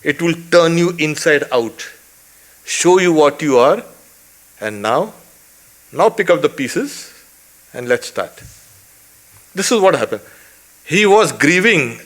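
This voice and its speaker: A man, a swami, teaches a scripture class in an unhurried, deliberate way. His voice moves with lively swings of pitch. He presses his points with rhetorical questions and breaks off now and then for a short aside. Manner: emphatic, rhetorical questions, frequent "you can say" asides. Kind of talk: scripture lecture.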